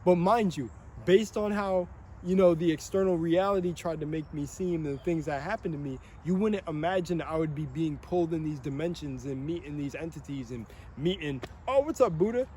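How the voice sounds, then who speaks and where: A young man rambling in a monologue, excitable and swearing often, laughing between phrases. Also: on the high side, moderate pace, a little hiss or hum. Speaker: vlogger.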